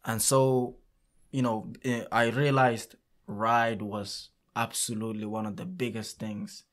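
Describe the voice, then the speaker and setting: A man who runs a youth soccer camp, telling stories in a casual interview, animated and halting with frequent restarts. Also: fairly low pitch.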